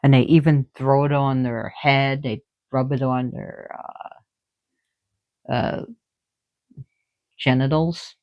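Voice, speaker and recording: A woman explaining spiritual lore in casual talk, excitable and giggly, jumping between soft whispers and loud bursts. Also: very deep voice, slow pace, pauses often, dry recording, lo-fi sound.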